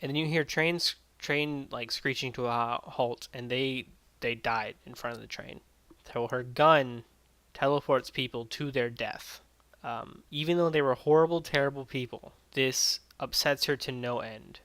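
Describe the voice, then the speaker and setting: A man's voice: mid-range voice, unhurried, fairly bright tone, no echo. A man giving a blunt, exasperated casual spoken review of an anime. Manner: blunt and exasperated, retells plot with quoted voices.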